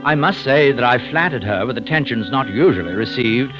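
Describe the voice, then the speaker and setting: A man's voice: mid-range voice, animated, a little fast, highs cut off, close to an everyday voice. Man voicing a middle-aged poisoner, 1950s radio drama, theatrical, wheedling, venomous, faint music. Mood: brooding narration. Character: genteel middle-aged male poisoner, vain and cruel. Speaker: narrator.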